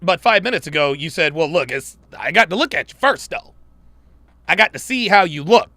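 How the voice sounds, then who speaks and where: A man's voice: on the high side, lively intonation, normal speed, sharp tone, dry recording. A man hosting a live reaction show, mocking and exasperated, swearing often and laughing in disbelief. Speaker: show host reacting to clips. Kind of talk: crude live reaction commentary.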